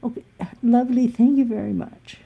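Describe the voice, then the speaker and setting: A woman mimicking a sugary, overfamiliar woman acquaintance in a high, sing-song voice. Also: fairly even intonation, brisk, vocal fry, husky, muffled recording. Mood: dismissive.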